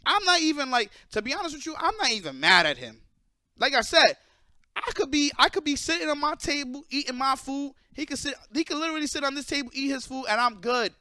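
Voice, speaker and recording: A young man ranting casually and bluntly to his viewers, profane and animated. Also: extremely high pitch, dry recording, clean studio sound. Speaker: esports player and streamer.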